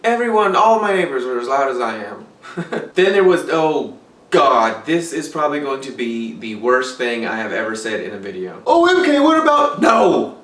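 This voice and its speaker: A man's voice: mid-range voice, lively intonation, normal speed, fairly bright tone, distant mic. A man from Texas giving a blunt, profane, darkly joking confessional monologue to the camera. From Texas, USA. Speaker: vlogger. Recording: roomy echo, away from mic.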